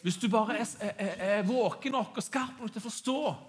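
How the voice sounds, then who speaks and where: A man's voice: high voice, fairly quick. A man interpreting a sermon line by line. He speaks with hesitations and restarts.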